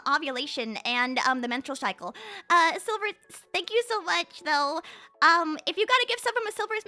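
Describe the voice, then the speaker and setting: A woman's voice: very high-pitched, pushed and bright. A young woman VTuber chatting casually with her stream chat, rambling and playful with many fillers.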